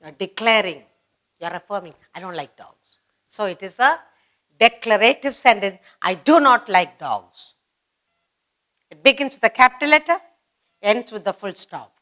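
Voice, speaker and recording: A woman's voice: mid-range voice, moderate pace, sharp tone. A woman teaching a children's grammar lesson, repeating each example sentence and explaining it step by step. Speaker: English teacher.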